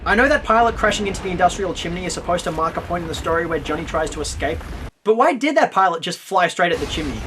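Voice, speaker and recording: A man's voice: high voice, fairly bright tone. A man delivering scripted film review commentary in a sarcastic, mocking way.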